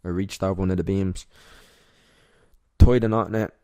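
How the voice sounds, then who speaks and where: A young Irish man speaks as a podcast guest, candid and emotional, often halting mid-thought. His voice sits low and mellow, and the sound is close and dry with no room around it. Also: fairly even intonation, no room sound. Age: young adult. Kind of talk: personal storytelling in interview.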